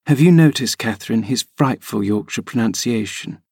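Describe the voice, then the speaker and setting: A man's voice: medium pitch, expressive, normal speed, vocal fry, a little mellow, breathy edge, dry recording, clean studio sound. Brief: man voicing a spiteful sickly teen boy, prim sneer, near the reader's own voice. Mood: taunting. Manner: taunting and prim.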